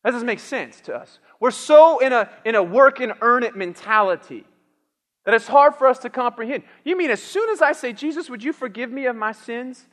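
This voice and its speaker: High-voiced preacher in a reverberant hall. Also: male voice, moderate pace. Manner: animated, acts out the king's lines with shouts. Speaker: pastor. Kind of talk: sermon.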